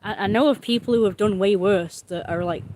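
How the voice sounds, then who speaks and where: A woman on a casual livestream who baby-talks to a cat in a high coo, then rambles earnestly to her viewers. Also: a little fast, background noise.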